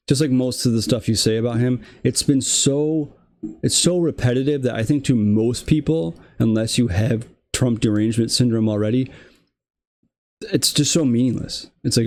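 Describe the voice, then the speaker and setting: A man's voice: mid-range voice, normal speed, a little mellow. A young man hosting a political commentary show, delivering a casual, exasperated rant full of fillers and restarts.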